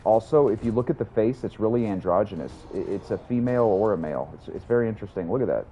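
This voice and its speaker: A man's voice: fairly low pitch, lively intonation, quick pace, warm tone, dull audio, a little hiss or hum. A young man chatting casually while livestreaming a game, rambling, swearing and answering his chat. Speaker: streamer.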